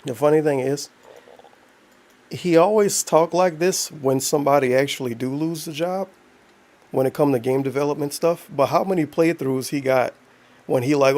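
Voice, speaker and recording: A man's voice: fairly high pitch, moderate pace, darkish tone. A man doing casual live-stream commentary, mocking and profane, reading chat aloud between remarks. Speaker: streamer reacting to a video.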